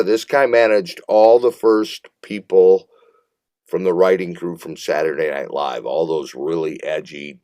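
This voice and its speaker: A man from Minneapolis with a deep, low voice tells a long story as a guest musician. He talks in an animated, rambling way, swearing freely and laughing as he goes. The sound is dry and close, with no room around it. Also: no echo. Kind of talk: casual storytelling interview.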